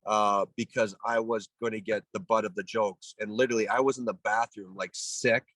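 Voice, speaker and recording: A man's voice: on the low side, normal speed, no room sound. A Canadian man in his forties, a former pro athlete, telling a story in an interview with lots of restarts and acted-out quotes. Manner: animated storyteller, acts out voices, many restarts. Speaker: guest, former pro baseball player.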